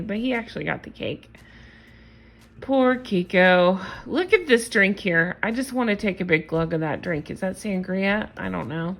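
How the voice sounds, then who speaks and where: A woman hosting a casual reality-show recap, opinionated and sarcastic, often exasperated. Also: lowish voice. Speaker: recap host.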